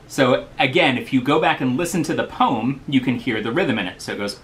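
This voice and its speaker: A man hosting a daily poetry reading, casually explaining limerick rules at a slow, patient pace. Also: medium pitch, fairly bright tone. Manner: explains slowly, tapping out rhythms. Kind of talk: casual teaching talk.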